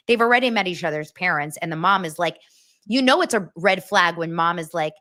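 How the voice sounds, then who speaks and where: A woman hosting a pop culture show who recaps reality TV in a blunt, profane, animated style. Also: lowish voice, brisk. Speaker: pop culture podcast host. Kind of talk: casual gossip recap.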